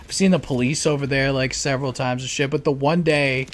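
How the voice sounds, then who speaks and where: A young man telling neighbor stories in casual chat, rambling and profane, packing every sentence with "like" and breaking into loud mocking voices. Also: fairly even intonation, fairly quick. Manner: rambling, profane, heavy use of "like"; mimics neighbors in loud high-pitched voices.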